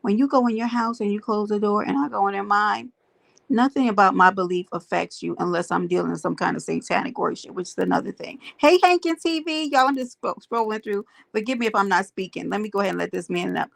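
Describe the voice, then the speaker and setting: A woman's voice: mid-range voice, fairly even intonation, fast, creaky, no room sound. A woman hosting a casual livestream, greeting viewers by name and making emphatic points to her chat. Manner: emphatic, preachy asides. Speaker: livestream host.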